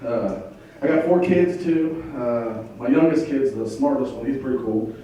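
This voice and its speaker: A middle-aged man doing a stand-up comedy set in a club, delivering crude jokes in a deadpan way. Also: mid-range voice, normal speed, lo-fi sound. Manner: crude deadpan one-liners. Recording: echoey club from far off, crowd laughter. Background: audience laughing.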